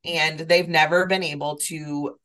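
Low-voiced woman, wry podcast chat. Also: steady tone, unhurried, fairly bright tone. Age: 30s. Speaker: podcast co-host. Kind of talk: casual chat.

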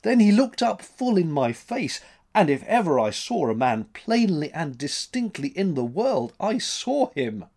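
A man's voice: fairly high pitch, sing-song, unhurried, a little mellow, voice pushed up, exaggerated voice. A man voicing a frightened, insistent male ship's mate in a spoken story, sounding agitated and pleading. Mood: alarmed, pleading.

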